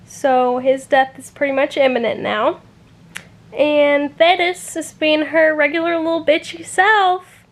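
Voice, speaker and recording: A young woman talking casually as a book vlogger, emotional, with frequent sighs and fillers. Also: high voice. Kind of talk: casual reading vlog reactions.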